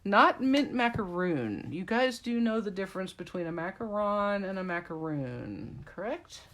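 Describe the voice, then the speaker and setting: A woman's voice: medium pitch, animated, measured pace, fairly bright tone, slight background noise. Chatty woman demonstrating a craft. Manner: chatty, rambling asides to live viewers. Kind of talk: casual craft tutorial.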